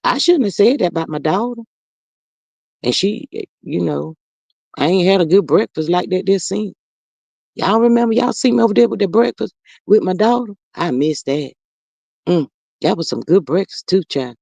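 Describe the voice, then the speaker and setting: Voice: medium pitch, lively intonation, moderate pace, gravelly, long pauses, darkish tone, dry recording. A performer voicing a defensive, folksy older mother who rambles and calls everyone honey, chatting in character on a livestream. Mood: rambling. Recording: slightly muffled dry livestream audio.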